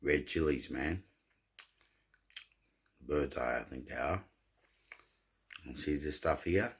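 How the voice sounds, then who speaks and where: A man's voice: extremely low pitch, slow pace, husky. A man, rambling and telling jokes in a laid-back way, often repeating his words. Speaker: vlogger. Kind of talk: rambling casual storytelling.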